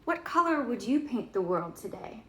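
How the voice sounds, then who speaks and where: A woman reading a children's book aloud gently, pausing to ask the listener questions. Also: a little high, very animated.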